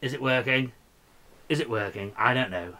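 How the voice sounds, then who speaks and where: A man ranting on his vlog in a loose, rambling way, cursing constantly and trailing off into mumbles. His voice sits at an ordinary middle pitch. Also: moderate pace, sharp tone. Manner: profane, rambling, slurring and mumbling. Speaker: vlogger. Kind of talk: drunken rambling vlog rant.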